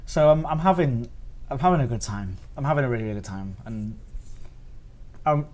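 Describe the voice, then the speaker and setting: A man's voice: medium pitch, expressive, fairly quick, darkish tone. A man streaming live and reviewing biscuits in casual chat. He is giddy and laughs often between words.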